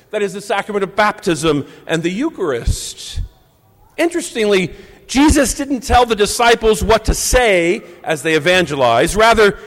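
Male Catholic priest, 50s, measured homily delivery with pauses, high voice, long church echo. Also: fairly bright tone. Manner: measured, reflective preaching with deliberate pauses. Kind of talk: Sunday homily.

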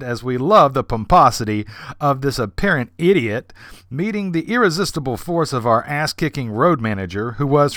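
A man hosts a podcast and tells a backstage anecdote with animated energy, slipping into voices for the people in the story. His speaking voice sits in a middle pitch. The recording is dry and close, with no room sound. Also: no room sound. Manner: animated, with vivid character voices. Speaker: podcast host.

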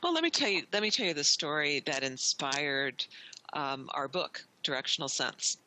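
A middle-aged woman with a very bright, ringing voice tells a story at length as a podcast guest. She talks in a chatty way, full of restarts and quoted dialogue. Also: low voice, animated, normal speed, poor audio. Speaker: wayfinding consultant, guest.

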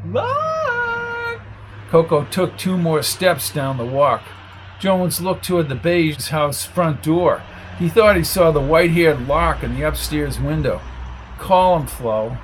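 A man narrating a detective story in an audiobook, reading with lively expression. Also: fairly high pitch, a little slow, a little hiss or hum.

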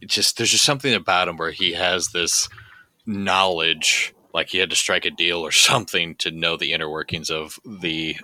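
A man playing a tabletop game, describing a scene in a rambling, halting way. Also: low-pitched, sharp tone, no echo. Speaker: player.

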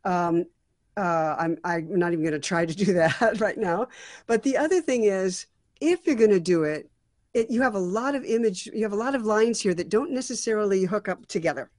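A woman's voice: mid-range voice, lively intonation, normal speed, darkish tone, no room sound. Brief: woman songwriting mentor, mid-range voice, dry close sound, reflective critique full of restarts. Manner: thoughtful, frequent restarts and fillers. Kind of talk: critiquing a song draft.

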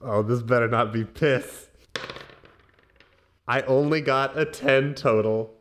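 A man's voice: mid-range voice, slow. A man taking his turn as a player in a tabletop game, speaking playfully and partly in character. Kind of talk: casual tabletop game play.

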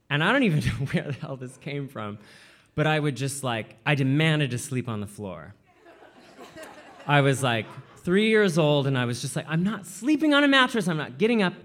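A man from Washington state telling a personal story, animated and full of "like" fillers, often slipping into quoted voices. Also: medium pitch. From Washington state, USA.

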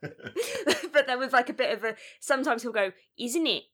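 A woman's voice: high voice, big pitch swings, normal speed, fairly bright tone, slightly rough. A woman co-hosting a podcast, chatting bluntly and animatedly about films, with plenty of fillers. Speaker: podcast co-host. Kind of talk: casual film review chat.

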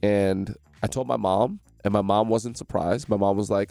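A man from New Jersey, a guest in a radio studio, telling his story with animated energy and acting out the voices of the people in it. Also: lowish voice, brisk, creaky, hardly any pauses, soft background music. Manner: animated, acts out quoted voices.

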